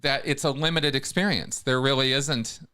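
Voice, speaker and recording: Heller, klarer Gastgeber, weitschweifig. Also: male voice, medium pitch, fairly even intonation, normal speed, pushed and bright, clean tone. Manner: rambling, many restarts. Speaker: host. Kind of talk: casual livestream chat.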